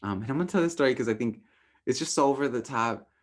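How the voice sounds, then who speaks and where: A man from Southern California leading a workshop in casual, animated teaching talk, tagging his points with "right?", swearing lightly and laughing at himself. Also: medium pitch, fast talker. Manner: animated, often ends points with a questioning "right?"; acts out inner voices in raised, playful tones. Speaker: workshop facilitator.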